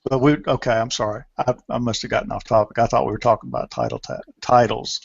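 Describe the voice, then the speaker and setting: Gravelly guy hosting a web chat, rambly, keeps restarting, dull call audio. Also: medium pitch, big pitch swings, fast talker, a little hiss or hum. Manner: rambling, restarts often, apologetic. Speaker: host. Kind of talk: casual online show discussion.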